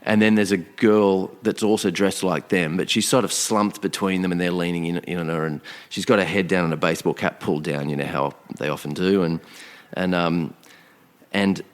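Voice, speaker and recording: A man telling a long story in a casual, animated way, acting out the quoted thoughts of the people in it. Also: low voice, moderate pace. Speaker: podcast guest. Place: outdoor location.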